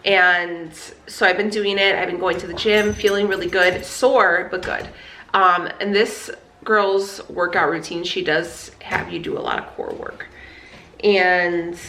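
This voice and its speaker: A woman's voice: lowish voice, animated, unhurried, sharp tone, roomy sound, a little hiss or hum. A woman in her thirties chatting candidly as a vlogger, fired up, with lots of fillers and swearing. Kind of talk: casual chat.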